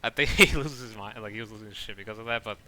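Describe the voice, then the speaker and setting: A man chatting casually while playing a game, rambling and saying he talks too fast. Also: lowish voice, pushed and bright. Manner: rambling, self-describes talking too fast. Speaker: gaming streamer. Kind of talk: casual gameplay commentary.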